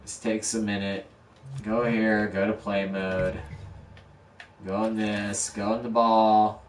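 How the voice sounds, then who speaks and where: A dog barks in the background as a man casually streams his game-building, narrating each step with self-mockery. His voice is on the low side, level, and slow, recorded with roomy echo, slight background noise, and some distance from the mic.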